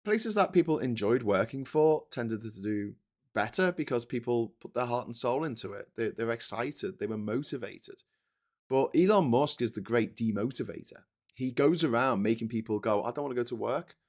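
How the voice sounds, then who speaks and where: A man's voice: mid-range voice, expressive, moderate pace, darkish tone. A middle-aged man from England hosting a live stream, chatting casually, reading out viewer comments, swearing and restarting his sentences. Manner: rambling, swears, frequent restarts.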